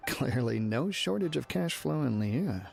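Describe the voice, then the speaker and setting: A polite merchant npc, lively up-and-down voice, game music under it. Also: male voice, mid-range voice, a little slow, creaky, slightly rough, heavily acted. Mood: hesitant. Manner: courteous, businesslike, hesitant. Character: polite male foreign mineral merchant, apologetic.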